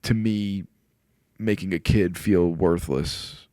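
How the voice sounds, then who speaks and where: A middle-aged man with a deep, low voice talks as a guest in a podcast studio. He tells personal stories in relaxed, casual chat, earnest and openly emotional. The sound is close and dry, with no room echo. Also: slow.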